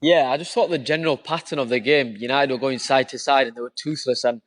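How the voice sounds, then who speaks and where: Flat, subdued male fan. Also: mid-range voice, fast talker, no room sound. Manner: subdued, disappointed. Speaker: football fan guest.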